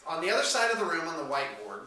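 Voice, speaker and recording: A man's voice: on the high side, very animated, rapid-fire, pushed and bright. A man hosting a casual morning show, chatting with playful, theatrical outbursts. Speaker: host. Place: room with whiteboard, indoors. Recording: echoey room from far off.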